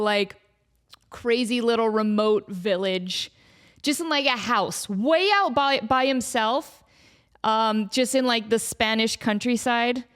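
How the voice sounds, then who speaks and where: A woman hosting a comedic solo podcast, telling a rambling, animated story with lots of fillers. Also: a little high. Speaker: podcast host.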